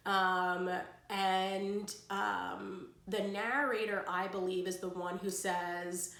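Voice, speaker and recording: A woman's voice: medium pitch, a little slow. A woman casually summarizing a story, rambling, with slang and lots of fillers. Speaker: book vlogger. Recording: roomy echo.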